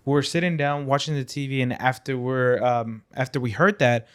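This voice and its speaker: Young male co-host, emphatic and excited, casual podcast storytelling. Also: mid-range voice, moderate pace, clear, resonant tone. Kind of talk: casual chat.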